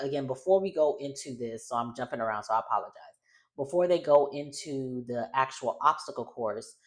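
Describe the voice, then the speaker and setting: A woman talks through a reality show episode in a loose, chatty recap. Her voice sits very low for a woman, and she rambles and corrects herself as she goes. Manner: chatty, rambling, self-correcting, laughs often. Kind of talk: casual recap chat.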